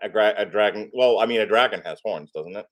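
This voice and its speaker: A man's voice: lowish voice, fast talker, fairly bright tone. A man co-hosting a podcast, reviewing a comic book in casual, joking chat and playfully teasing his co-host.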